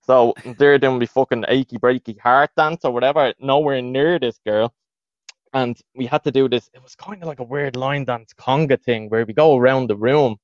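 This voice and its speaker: Irish podcast co-host, thirties, casual storyteller, dry slightly muffled mic. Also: male voice, mid-range voice, moderate pace, dry recording. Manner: animated, laughing, slips into voices of others.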